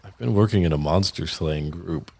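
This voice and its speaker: A man's voice: low-pitched, moderate pace, vocal fry, a little mellow, breathy edge, pitched below the performer's own voice, full character voice. A man voicing a blunt, dutiful monster slayer who shrinks from attention. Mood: terse. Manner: blunt and terse.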